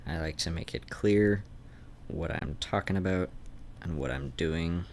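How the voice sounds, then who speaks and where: A man with a low voice sketches on a rambling drawing stream, thinking aloud at a measured pace, trailing off and starting again. He has a faint Canadian-like North Idaho accent, and his desk mic picks up a little hiss or hum.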